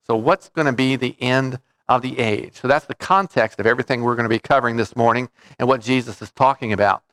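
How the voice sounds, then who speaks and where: A man's voice: medium pitch, fast, a bit bright, clean tone, no echo. A man preaching a sermon as pastor, in a conversational way that often stops to check in with his listeners. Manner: conversational preaching with frequent "okay?" check-ins.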